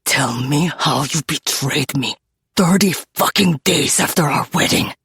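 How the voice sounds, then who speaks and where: A gravelly, menacing mafia boss. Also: male voice, dry recording, exaggerated voice. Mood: raging. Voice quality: gravelly, raspy. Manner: slow, low and threatening, bursting into shouts. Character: menacing male mafia boss, cold and furious. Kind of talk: dark romance audiobook acting.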